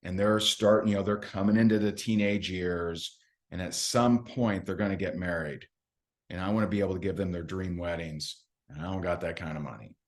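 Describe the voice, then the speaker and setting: Brief: worried middle-aged father, earnest and halting, a man voicing him in a story. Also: deep voice, steady tone, close to an everyday voice.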